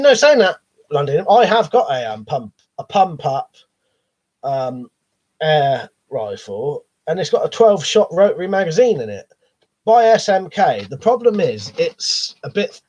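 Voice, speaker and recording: A man's voice: a little high, sing-song, normal speed, darkish tone, husky. A man with a cold, coughing as he hosts a live stream, reading viewer chat in a rambling, sweary, hesitant way. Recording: dull lo-fi stream audio.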